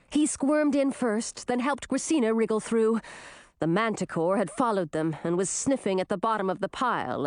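A woman narrating a fantasy audiobook with expressive, dramatic storytelling. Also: a little high, no room sound, studio quality.

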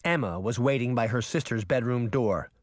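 A narrator reading a fantasy story aloud in an expressive storytelling manner. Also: medium pitch, moderate pace, dry recording, studio quality. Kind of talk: audiobook narration.

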